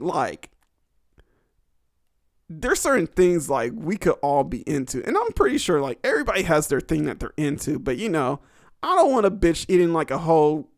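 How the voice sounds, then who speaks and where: A man's voice: on the high side, no room sound, studio quality. A young adult man hosting a podcast, rambling crudely through a casual monologue and laughing often. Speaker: podcast host.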